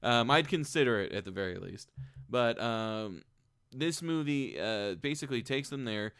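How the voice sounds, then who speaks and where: A man's voice: medium pitch, expressive, moderate pace, fairly bright tone, clear, resonant tone, no room sound, studio quality. A man casually retelling a movie plot in a rambling way, full of ums and the odd swear.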